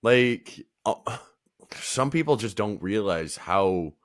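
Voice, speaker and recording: Man co-host, very deep voice, relaxed casual chat, swears a lot, dry sound. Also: slow, no room sound. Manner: laid-back, swears casually, frequent "like" fillers. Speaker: podcast co-host.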